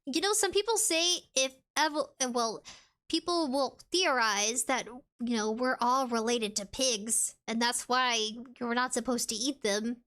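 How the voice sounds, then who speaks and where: A woman's voice: a little high, a little slow, a bit bright. A woman streamer chatting casually with viewers, reading out chat and game text in a playful, rambling way. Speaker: VTuber streamer.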